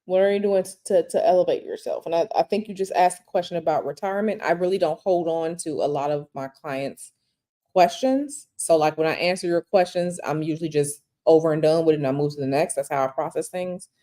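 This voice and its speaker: Speaking a little fast in a low, mellow voice, a woman reads tarot on a live stream. She repeats phrases for emphasis in a conversational style, reading viewer questions aloud and answering them directly.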